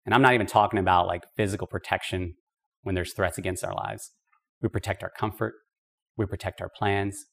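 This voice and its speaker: A man's voice: low-pitched, steady tone, brisk, vocal fry. A man teaching a podcast Bible study in an emphatic, conversational way, with casual asides. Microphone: podcast microphone.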